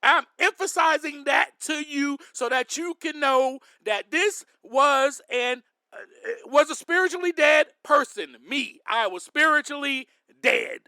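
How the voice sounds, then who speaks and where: A man hosting a faith podcast, speaking to his listeners as friends in an emphatic, preacher-like way, with sudden loud bursts. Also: very high voice, a little slow, no echo, studio quality. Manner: addresses listeners directly as friends. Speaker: podcast host. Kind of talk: faith-based podcast monologue.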